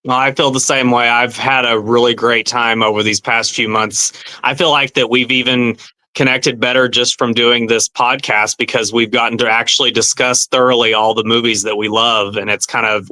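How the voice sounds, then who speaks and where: A man's voice: mid-range voice, steady tone, normal speed, sharp tone. Easygoing man podcast co-host. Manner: easygoing, sincere, laughs lightly. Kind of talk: casual podcast chat.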